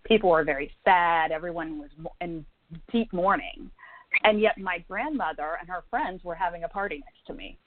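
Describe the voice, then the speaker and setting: Speaking at normal speed in a lower-pitched voice, a psychic medium guest from Indiana, USA, relates a personal story during an interview, with fillers and laughs. Her audio comes through a dry, tinny, phone-like line.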